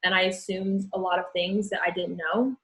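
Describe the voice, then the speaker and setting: Frank, low-voiced young woman. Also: flat delivery, rough recording. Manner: frank, earnest, talks in quick restarts. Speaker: interview guest. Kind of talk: candid conversation.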